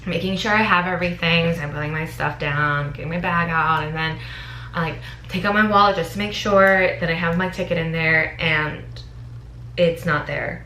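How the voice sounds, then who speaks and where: A young American woman in her twenties vlogging, telling a story with animated, dramatic energy. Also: on the low side, moderate pace, a little hiss or hum. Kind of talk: casual storytime vlog. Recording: echoey room.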